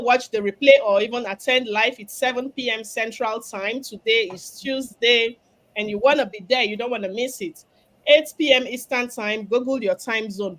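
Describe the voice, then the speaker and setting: A woman's voice: on the high side, fairly bright tone. Nigerian lady hosting a live business stream, has a cough, upbeat and salesy. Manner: upbeat, promotional. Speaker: host, business mentor. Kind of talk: live stream panel chat.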